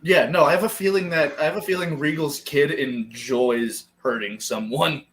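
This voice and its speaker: A man co-hosting a casual podcast. He talks excitedly and laughs easily, with heavy swearing. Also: on the high side, a little hiss or hum. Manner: excitable, profane, quick to laugh. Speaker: podcast co-host. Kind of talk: casual chat.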